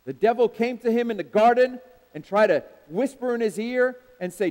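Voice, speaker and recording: A man's voice: high-pitched, lively intonation, a little fast, a little mellow. A man preaching a sermon with emphatic, repeated refrains, calling out to the congregation for responses. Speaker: pastor. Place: church sanctuary. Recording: long hall reverb in a church.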